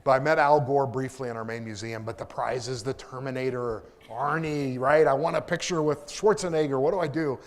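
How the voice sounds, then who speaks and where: A man's voice: medium pitch, steady tone, a little fast, few pauses. Man from Kansas giving a lecture, enthusiastic and self-mocking, with a mid-range voice. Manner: enthusiastic, self-deprecating humor. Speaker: propulsion engineer giving a public lecture. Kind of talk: lecture with anecdotes. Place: lecture hall.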